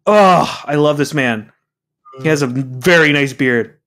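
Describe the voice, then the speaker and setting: A young man co-hosting a podcast in casual chat, excitable and gushing, swearing freely. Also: medium pitch, measured pace. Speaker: podcast co-host.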